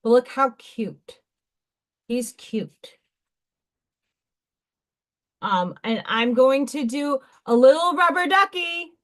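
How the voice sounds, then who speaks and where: A woman hosting a craft livestream, chatting casually and excitedly while she works and talks to herself. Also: high-pitched, slow pace, pauses often. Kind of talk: casual live-stream chat while crafting.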